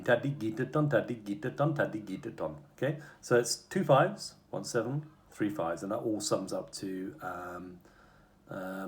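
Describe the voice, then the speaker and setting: A man's voice: on the low side, darkish tone. A man giving a casual music lesson, explaining step by step and chanting rhythm syllables, stopping to fix his own slips. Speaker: music teacher.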